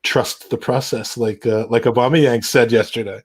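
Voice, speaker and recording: A man's voice: medium pitch, steady tone, moderate pace, husky. A man hosting a casual football podcast, rambling with many restarts and dry, wry humor. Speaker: podcast host.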